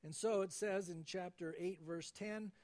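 Man, pastor, high voice, conversational sermon, acts out quoted voices. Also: fairly even intonation, a little slow, a little mellow.

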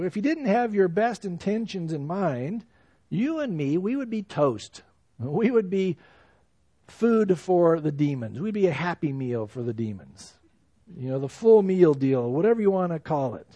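Male pastor, high and lively voice, conversational Bible teaching, dry close sound. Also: no echo. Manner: animated, conversational preaching with emphatic rises. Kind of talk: expository Bible sermon.

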